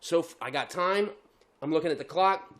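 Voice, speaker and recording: A man's voice: fairly high pitch, fairly quick, fairly bright tone. A man telling a story on a podcast in casual chat, laughing often and swearing heavily.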